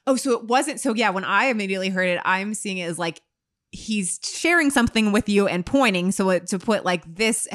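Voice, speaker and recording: A woman hosting a podcast in casual interview chat, quick and expressive, openly moved by her guest's story. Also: mid-range voice. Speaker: podcast host.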